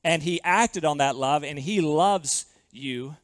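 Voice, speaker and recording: High-voiced earnest male preacher. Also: takes it slowly, no room sound. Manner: earnest, emphatic preaching with repeated phrases. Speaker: pastor. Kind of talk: sermon.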